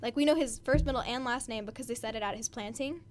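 A young woman talking casually as co-host of a book discussion, with a chatty, excitable manner full of "like". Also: fairly high pitch, quick pace, a little hiss or hum. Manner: chatty, lots of "like", excitable rants. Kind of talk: casual chat. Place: home.

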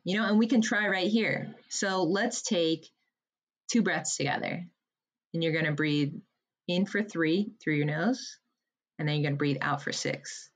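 A woman guest on a podcast explaining breathwork in a lively, emphatic coaching manner and guiding the listener through slow breaths. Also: low-pitched. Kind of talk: podcast conversation, guided breathing.

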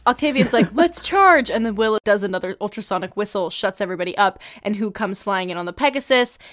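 A woman co-hosting a casual book discussion podcast, excitable and gushing. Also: medium pitch, quick pace, no echo, studio quality. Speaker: podcast co-host.

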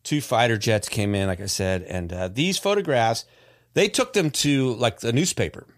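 A man hosts a casual podcast and carries a long story with lots of restarts. His pitch swings widely as he talks. The sound is dry and close. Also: normal speed, dry recording. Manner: animated, rambling with restarts. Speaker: podcast host.

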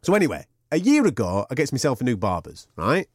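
Animated man telling a story. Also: medium pitch, quick pace, husky, no room sound, clean studio sound. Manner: animated anecdote with sweary banter and laughter. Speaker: podcast co-host. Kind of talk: casual storytelling chat.

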